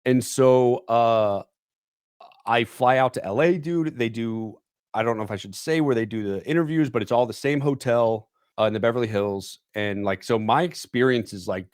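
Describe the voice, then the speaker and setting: A man's voice: mid-range voice, a little mellow, no echo, studio quality. A young man guesting on a podcast, telling a rambling story and leaning on "like" and "dude". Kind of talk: casual storytelling chat. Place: podcast studio.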